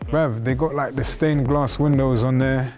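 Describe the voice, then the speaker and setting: A man's voice: mid-range voice, fairly even intonation, measured pace, a little mellow, faint music behind. A man hosting in a slangy, joking casual chat. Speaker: host.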